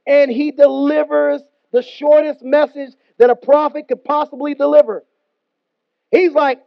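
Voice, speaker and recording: A man's voice: extremely high pitch, unhurried, creaky, no echo. A man preaching a sermon in an emphatic, conversational way with slangy asides. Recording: dull, dry close recording.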